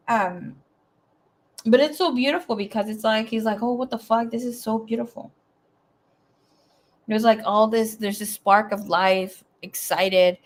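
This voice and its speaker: Chatty swearing woman tarot reader. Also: mid-range voice. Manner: chatty, swearing, rambling asides; swings between loud bursts and quiet mumbling. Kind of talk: casual live tarot reading.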